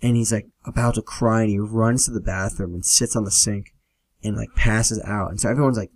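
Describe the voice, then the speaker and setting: A man's voice: fairly low pitch, fairly even intonation, a little fast, no echo. A young man hosting a podcast, telling rambling, profane stories in a laid-back solo chat. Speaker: podcast host. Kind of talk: casual solo storytelling.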